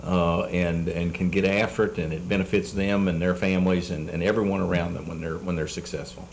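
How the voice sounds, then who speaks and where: A man's voice: low voice, flat delivery, fairly quick, vocal fry. A man chatting easily as a dinner guest, rambling a little with repeated words and fillers. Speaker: dinner guest, state delegate. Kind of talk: casual chat over dinner.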